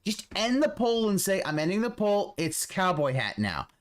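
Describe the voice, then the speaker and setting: A man's voice: high voice, sing-song, normal speed. A man commentating over a stream, mocking the streamer in a profane, sarcastic rant.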